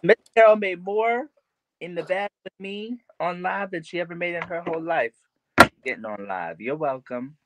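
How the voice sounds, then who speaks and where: A man's voice: sits high, moderate pace. A man joining a casual livestream chat as a guest, teasing and boastful. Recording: noisy livestream audio.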